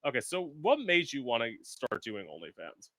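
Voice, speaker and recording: A man's voice: medium pitch, huge pitch swings, normal speed, pushed and bright, dry recording. A man hosting a casual podcast chat, blunt and profane, acting out quotes as he talks. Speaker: podcast host.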